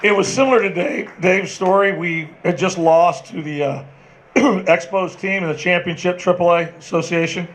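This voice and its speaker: A man's voice: sits high, steady tone, normal speed, rough recording. A man in his sixties, a former ballplayer, telling folksy detailed anecdotes on a panel and turning to others by name. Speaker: former player and manager, panel guest. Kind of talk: storytelling at a live panel.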